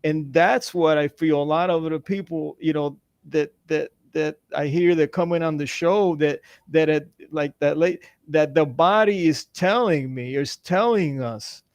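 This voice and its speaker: A male guest in a casual spiritual chat, talking haltingly with many repeated words and restarts. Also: a little high, no room sound, dull audio.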